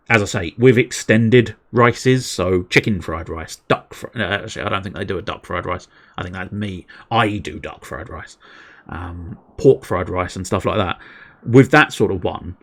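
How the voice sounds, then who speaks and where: Low-voiced man rambling playfully. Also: slightly rough. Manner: rambling, playful wordplay, self-deprecating. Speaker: streamer. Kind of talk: casual livestream commentary.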